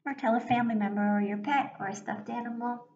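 A woman with a fairly high voice gives a recorded reading lesson to young children. She speaks slowly and clearly, with encouragement and pauses left for answers. The sound is dull, with an echoey room and a faint hiss. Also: fairly even intonation, darkish tone. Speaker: teacher.

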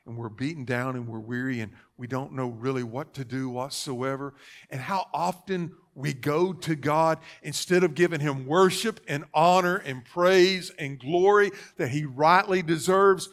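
A man preaching a sermon as pastor in a church, swinging between fervent loud passages and hushed, near-whispered ones. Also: fairly high pitch, measured pace.

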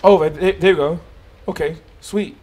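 A man's voice: high-pitched, fairly even intonation, a little slow, darkish tone. A man giving let's-play commentary on a survival game, jumpy and swearing, talking to himself as he goes. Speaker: gaming YouTuber.

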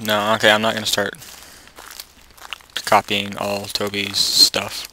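Young man, lowish voice, horror game commentary, nervous hushed talk, panicky repeats, noisy home mic. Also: steady tone, normal speed. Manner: jittery, nervous, often drops to a hushed voice and bursts into panicked repetition. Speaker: gaming YouTuber.

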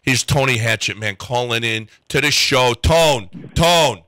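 Guy putting on a brash new sports radio host, sharp tense voice, dry close sound. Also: medium pitch, measured pace, no room sound. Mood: hyped. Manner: brash, blunt trash talk. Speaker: radio host playing a fellow host. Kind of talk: comedic sports radio bit.

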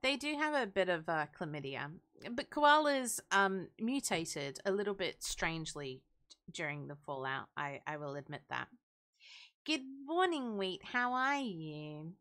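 A woman's voice: lowish voice, big pitch swings, a little slow, a bit bright. A young woman co-hosting a live stream in casual chat, giggly and teasing. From Great Britain. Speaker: stream co-host.

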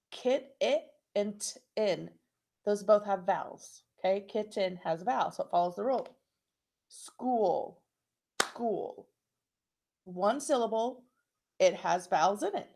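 A woman teaching a phonics lesson to young children, sounding out syllables and letters slowly and encouragingly. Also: mid-range voice, gravelly, a little mellow.

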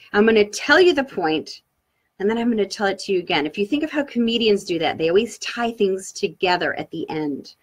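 Husky-voiced woman giving upbeat speaking tips. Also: medium pitch. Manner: upbeat, coaching, talks straight to viewers. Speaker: public speaking guest expert. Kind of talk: live online tips session.

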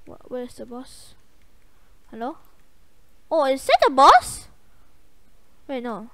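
A young woman hosting a gaming channel, giving casual, excitable gameplay commentary with a voice going hoarse. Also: high-pitched, takes it slowly, pauses often. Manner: excitable, yelps and trash-talks the game.

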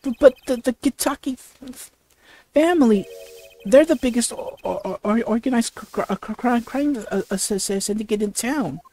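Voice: mid-range voice, normal speed, warm tone, slight background noise, voice pushed up, natural voice. A gamer voicing a cheerful teenage girl magician, bubbly and upbeat, with heavy stutters while reading game dialogue aloud. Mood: excited.

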